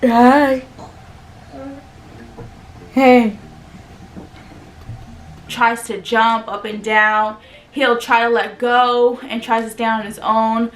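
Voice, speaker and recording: A woman's voice: fairly high pitch, level tone, measured pace, a bit bright, roomy sound, slight background noise. A young woman, a mother, chatting casually to camera, with fillers of "like" throughout. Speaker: mother and family vlogger.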